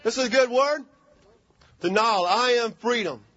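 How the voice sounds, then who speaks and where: Fervent preacher man, high voice. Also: measured pace, bright, forceful tone, no room sound, highs cut off, some chatter behind. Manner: fervent, calls for amens. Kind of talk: sermon.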